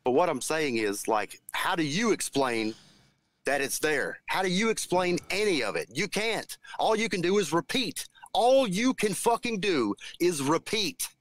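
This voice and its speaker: A man's voice: a little high, very animated, unhurried, fairly bright tone, dry recording. A man on a call-in show, arguing with callers in a combative, sarcastic way and swearing often. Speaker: regular guest arguing with callers. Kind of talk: heated call-in debate.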